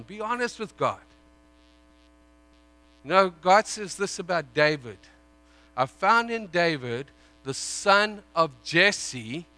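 A male preacher delivers a sermon in a bright, forceful voice pitched a little high. He swings from loud, pleading passages to hushed, intimate prayer. A faint mains hum sits under the recording.

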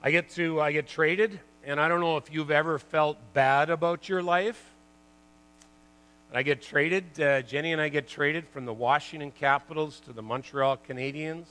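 Brief: older ex-athlete speaker, slightly raised pitch, rambling and chatty, laughs through his anecdotes. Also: moderate pace, hardly any pauses, clean tone, low-quality recording. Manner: chatty, lots of "you know" and "like"; animated, laughs at his own stories. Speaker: former pro hockey player giving a talk. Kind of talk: storytelling talk to an audience.

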